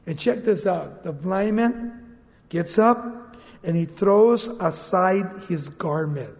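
A man preaching a sermon as the pastor, animated and conversational, acting out the figures in quick asides. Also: high voice. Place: church. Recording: long reverb of a church hall.

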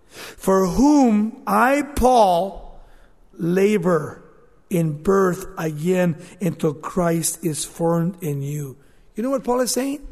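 Impassioned male preacher, high pitch, deliberate pace, long church reverb. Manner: impassioned, voicing scripture as direct speech. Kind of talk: sermon.

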